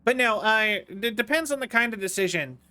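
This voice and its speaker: Bright-voiced rambling male streamer. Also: high-pitched, lively intonation, brisk, smooth. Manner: rambling, self-interrupting, playful. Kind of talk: casual gameplay commentary.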